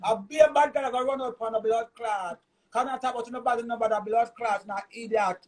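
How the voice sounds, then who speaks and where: A man's voice: very high voice, quick pace, rough recording. A man with a Jamaican accent delivering a heated, cursing, repetitive rant in a vlog. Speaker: vlogger.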